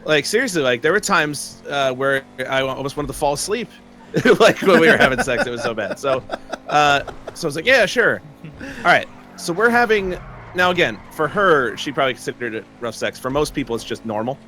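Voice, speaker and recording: Young guy rambling thru a story, laughing a lot, bright voice that jumps all over. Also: a little high, lively intonation, brisk. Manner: rambling, laughing, lots of "like" fillers. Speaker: streamer telling a story. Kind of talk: casual storytelling chat.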